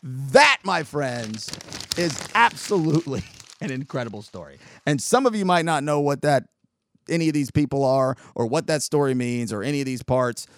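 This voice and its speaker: A man hosting a show, telling a story in a sarcastic, animated way with quick asides. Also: mid-range voice, no echo, clean studio sound. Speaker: podcast host. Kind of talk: casual storytelling monologue.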